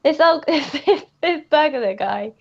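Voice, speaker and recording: A woman's voice: high-pitched, slow, vocal fry. A woman, a guest comic creator, telling casual anecdotes with frequent giggles. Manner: giggly, lively storyteller. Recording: muffled lo-fi audio.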